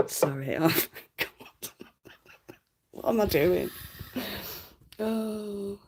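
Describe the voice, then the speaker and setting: A woman's voice: mid-range voice, expressive, very slow, pauses often, dark tone. A young woman, chatting on a live stream, giggling and swearing as she rambles. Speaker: livestreamer. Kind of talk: casual live stream chat.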